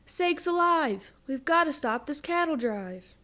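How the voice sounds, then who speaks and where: A woman voicing a blustering small-town male sheriff in a children's storybook, loud and hollering. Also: on the high side, expressive, slow.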